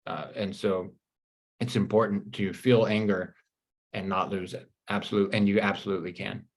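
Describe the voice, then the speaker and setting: A man with a fairly low voice coaches his audience live, talking in a calm, reassuring, conversational way. He keeps checking in with a "right?" and pauses now and then to read viewer comments aloud. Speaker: life coach.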